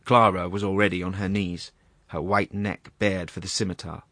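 Grave low-voiced male narrator. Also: little pitch movement, fairly bright tone, no room sound, clean studio sound. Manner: measured, grave. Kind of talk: scripted narration of a classic story.

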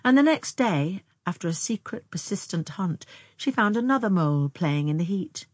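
A woman reading a novel aloud in measured, even narration. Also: lowish voice, breathy edge, dry recording. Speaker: audiobook reader.

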